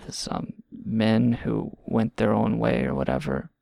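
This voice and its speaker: A man's voice: fairly low pitch, lively intonation, a little slow, creaky, warm tone, no echo, studio quality. A man hosting a show, ranting in a rambling, sarcastic and profane way. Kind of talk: casual comedic rant.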